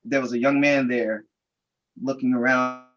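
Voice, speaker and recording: A man's voice: medium pitch, steady tone, normal speed, a bit bright, dull audio. A man on a discussion panel, reflectively telling a personal story about accountability. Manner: reflective storyteller, quotes dialogue.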